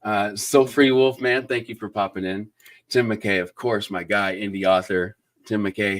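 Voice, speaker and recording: With a lowish, fairly even voice and a slightly slow pace, a booktube host runs a live book interview. He gushes enthusiastically, uses many fillers, and gives shout-outs thanking viewers between his questions.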